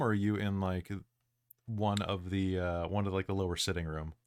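A man's voice: low voice, flat delivery, moderate pace, darkish tone, smooth. A man narrating a tabletop role-playing game as game master, hesitant with many fillers.

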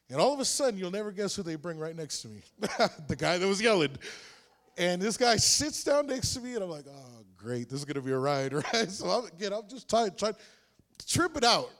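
A man preaching a sermon, telling a personal story with lots of animation and frequent laughs. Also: sits high.

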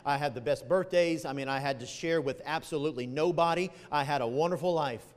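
Middle-aged male pastor, fairly high voice, animated sermon delivery, reverberant church hall. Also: brisk. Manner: animated storytelling, rises to loud emphatic peaks then drops low.

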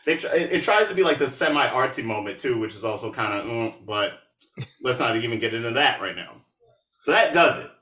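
A man hosting a podcast, recapping a movie in a casual, animated and sarcastic way. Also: mid-range voice, fairly quick, roomy sound, recorded from a distance. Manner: animated, sarcastic, with laughs and asides. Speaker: podcast host.

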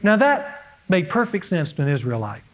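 A man's voice: high voice, very animated, moderate pace. A man preaching a sermon to his congregation from an outline, earnest and emphatic, stressing key words. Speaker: pastor.

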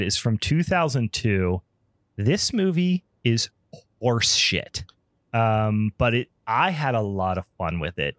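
A man's voice: fairly low pitch, a bit bright, dry recording, studio quality. A man hosting a podcast in casual chat, rambling and profane with frequent ums. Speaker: podcast host.

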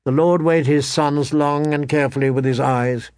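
Measured male audiobook narrator, close and dry. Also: fairly high pitch, no echo. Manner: measured, expressive storytelling. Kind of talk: scripted fantasy narration.

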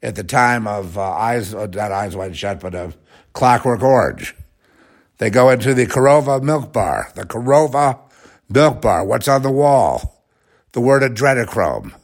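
A man's voice: medium pitch, lively intonation, a little slow. A man hosting a rambling, sarcastic religious commentary talk.

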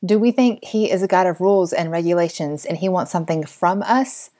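A woman in her thirties hosting a faith podcast, telling a story with animated, laughing delivery. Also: fairly low pitch, brisk. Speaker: podcast host.

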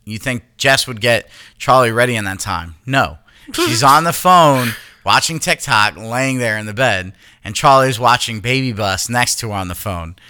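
A man in his thirties co-hosting a podcast, telling profane, animated stories with laughs in casual chat. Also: medium pitch, moderate pace, clear, resonant tone. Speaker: podcast co-host.

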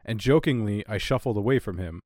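A man's voice: lowish voice, fairly quick, darkish tone, no echo, clean studio sound. A man co-hosting a casual podcast chat, joking and telling stories. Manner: joking, storytelling. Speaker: podcast co-host.

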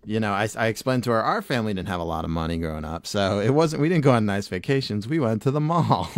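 A low-voiced man co-hosting a podcast, rambling through stories with plenty of swearing and easy laughter. His voice is close and dry, with no room sound around it. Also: expressive, fast talker, no echo. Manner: rambling, profane, laughs often. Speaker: podcast co-host. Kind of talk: casual chat.

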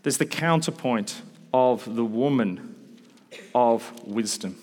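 A man in his thirties preaching a sermon to a room, with animated storytelling and quick asides. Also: medium pitch. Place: large hall with an audience. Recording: long hall reverb.

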